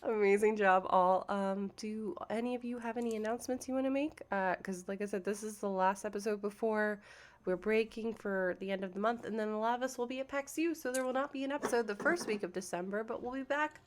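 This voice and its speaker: A woman's voice: mid-range voice, fairly quick. A woman game master wrapping up a stream, upbeat and casual, with lots of fillers and "y'all".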